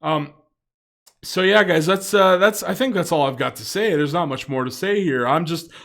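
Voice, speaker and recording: Male vlogger, slightly high-pitched, rambling filler-heavy commentary delivery. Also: normal speed, gravelly, a bit bright. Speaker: video commentator. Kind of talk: casual commentary vlog.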